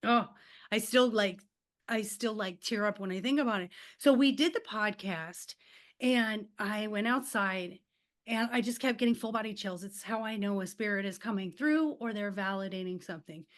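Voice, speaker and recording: A woman's voice: medium pitch, normal speed. A middle-aged woman, a life coach and podcast guest, telling stories in a casual chat, acting out quotes and laughing often.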